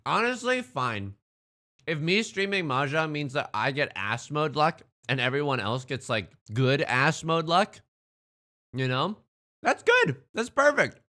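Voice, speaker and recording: A man's voice: fairly high pitch, animated, unhurried, bright, forceful tone. A man chatting casually on a live stream, greeting viewers and talking while he eats. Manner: upbeat, greets chatters, talks while eating.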